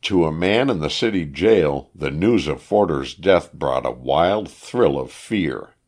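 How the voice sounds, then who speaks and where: A man narrating an old-fashioned story as an audiobook, telling it in an expressive, unhurried way. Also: rumbling low.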